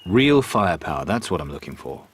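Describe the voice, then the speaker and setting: An actor playing a blunt, impatient pirate captain in a video game. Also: male voice, deep voice, very animated, fairly quick, slightly rough, heavily acted. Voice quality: curt, dry-witted.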